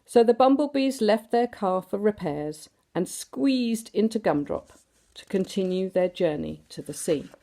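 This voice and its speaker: Animated woman reading a storybook aloud. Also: mid-range voice, unhurried, vocal fry. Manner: animated, does sound effects and asks the listeners questions.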